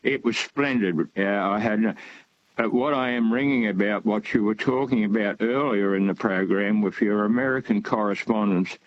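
A man's voice: fairly low pitch, normal speed. Older man rambling on a phone line. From Australia. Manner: rambling, hesitant with many fillers. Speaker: caller. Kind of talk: phone-in call.

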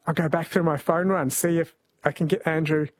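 A man's voice: fairly high pitch, fairly even intonation, brisk, no room sound, studio quality. A man hosting a talkback radio quiz, friendly and easygoing with callers.

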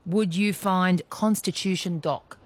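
A woman's voice: fairly low pitch, fairly even intonation, unhurried, slight background noise. A woman with an Australian accent hosting a radio phone-in quiz, chatty and teasing, laughing often.

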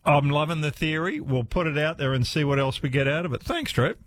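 A man hosting a phone-in radio show, chatty and quick to laugh. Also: a little high, dry recording. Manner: lively, chatty, laughs easily. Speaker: radio talkback host. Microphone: studio microphone.

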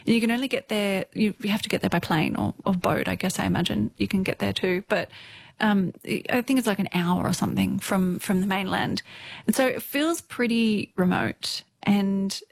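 A woman's voice: medium pitch, moderate pace, creaky, no echo. A woman with an Australian accent, telling stories casually as an interview guest, chatty and full of fillers. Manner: chatty, laughs often, many fillers. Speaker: radio newsreader, guest.

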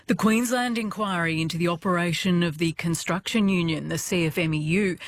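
A news presenter introducing reports in a crisp, formal manner. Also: mid-range voice, a little hiss or hum.

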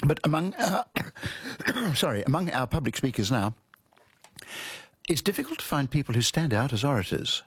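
A man hosting a radio show on language, talking in a thoughtful, measured way with frequent restarts. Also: fairly high pitch, very animated, breathy edge, dry recording. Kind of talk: radio studio conversation.

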